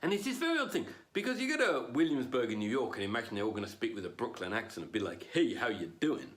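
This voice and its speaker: A man performing a stand-up comedy routine online, jumping between loud punchlines and low asides. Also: very animated, racing.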